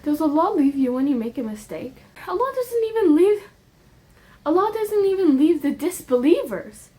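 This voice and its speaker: A woman's voice: high voice, sing-song, normal speed, dark tone. A young woman giving an earnest, emotional religious monologue to her viewers, repeating points with rising emphasis and dropping into casual slang asides. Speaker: faith vlogger.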